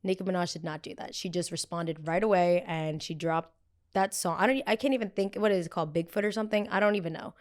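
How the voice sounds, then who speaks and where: A young woman hosting a pop culture podcast in a blunt, gossipy, animated chat style. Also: on the low side, quick pace. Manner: animated, gossipy and blunt, with frequent quoted voices. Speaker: podcast host.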